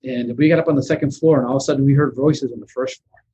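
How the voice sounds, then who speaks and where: A husky-voiced man who invests in real estate, talking casually and animatedly as an interview guest. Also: mid-range voice, fairly even intonation, quick pace, mellow, highs cut off, a little hiss or hum.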